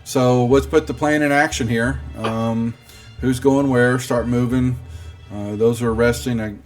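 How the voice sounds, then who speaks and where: A man narrating as game master at a tabletop session, hesitant with many pauses. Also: mid-range voice, steady tone, faint music behind.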